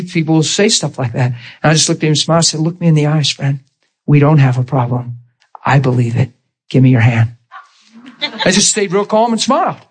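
A man's voice: on the high side, breathy edge. A man preaching a sermon, acting out both sides of conversations as he tells stories.

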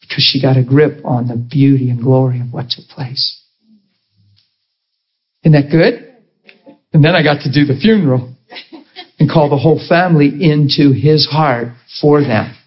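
A man's voice: medium pitch, moderate pace, long pauses, husky, dull audio. A man preaching to a congregation and telling an emotional story, acting out the voices of the people in it. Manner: emotional, acts out quoted voices. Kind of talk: storytelling sermon.

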